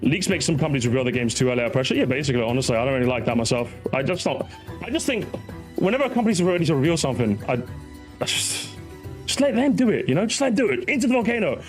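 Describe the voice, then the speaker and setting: A man's voice: on the high side, sing-song, rapid-fire, faint music behind. A man streaming live, ranting animatedly and talking straight to his chat.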